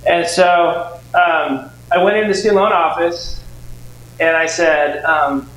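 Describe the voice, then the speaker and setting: A man in his forties teaching a live seminar room, telling animated stories and acting out dialogue with shifting voices. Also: fairly high pitch, a little slow. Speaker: real estate investing trainer. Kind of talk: storytelling lecture to a live audience. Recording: echoey room with faint background noise.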